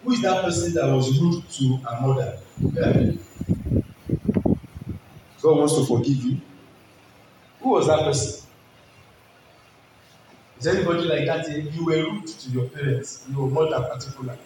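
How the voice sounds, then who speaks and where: A man's voice: a little high, normal speed, pauses often. A man preaching an altar call, pleading and repeating his exhortations to pray and surrender. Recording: very echoey hall, distant mic, noisy.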